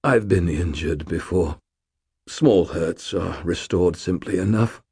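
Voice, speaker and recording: A man's voice: sits low, slow pace, mellow, breathy edge, no echo, studio quality, heavily acted. A man reading the part of a dying old male ghost warrior, weak and fading, with formal, archaic speech. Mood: weak, gentle.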